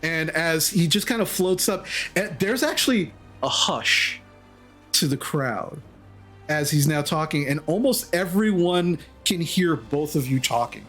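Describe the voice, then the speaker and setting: A man's voice: fairly high pitch, animated, a little slow, fairly bright tone, faint music behind. A man running a tabletop game, narrating scenes loosely with plenty of fillers. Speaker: game master.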